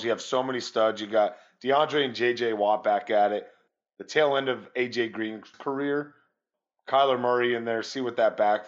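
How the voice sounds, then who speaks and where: A man's voice: mid-range voice, highs cut off. A man co-hosting a sports podcast, chatting loosely and casually with occasional swearing. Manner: loose and profane, rambling. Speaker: podcast co-host.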